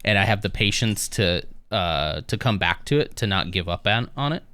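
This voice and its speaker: A man's voice: fairly low pitch, expressive, normal speed, bright, forceful tone, a little hiss or hum. A man streaming live, chatting casually with viewers in a rambling, easygoing way with lots of fillers.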